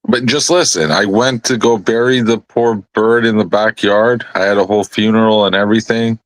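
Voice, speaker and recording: A man's voice: fairly low pitch, fairly even intonation, moderate pace, dry recording. A man telling a rambling, profane story in a casual live panel chat.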